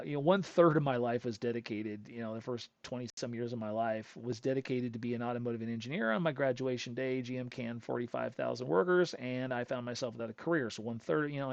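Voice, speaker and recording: Middle aged guy, gravelly voice, rambly storytelling host, kinda muffled dry audio. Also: medium pitch, dry recording. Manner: rambling, chatty, self-interrupting storyteller. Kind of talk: casual storytelling monologue. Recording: dull lo-fi dry recording.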